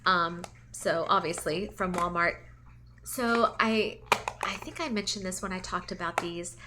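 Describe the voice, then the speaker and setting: A woman's voice: fairly low pitch, a little slow, background noise. A woman hosting a casual review chat, gushing to her viewers with lots of fillers. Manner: chatty and gushing, many fillers, talks straight to viewers. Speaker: candle and wax melt channel host.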